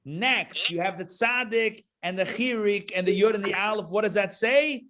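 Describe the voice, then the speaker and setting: Guy teaching hebrew reading online, kinda high voice, jokes around and drills syllables on a call. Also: normal speed, bright, forceful tone. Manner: chatty and joking, drills syllables aloud. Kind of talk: live online class teaching.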